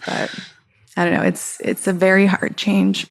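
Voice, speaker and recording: Creaky-voiced woman, direct and animated. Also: mid-range voice, normal speed, dry recording, studio quality. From Montana. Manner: direct, animated storyteller, acts out quotes. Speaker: business co-owner guest. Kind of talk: casual interview conversation.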